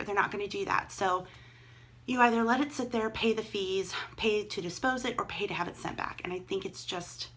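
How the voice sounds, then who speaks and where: A woman's voice: lowish voice, creaky, fairly bright tone, a little hiss or hum. A middle-aged woman vlogging casually from home, chatting and thinking aloud as she handles items she resells online. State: out of breath. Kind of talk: casual vlog chat.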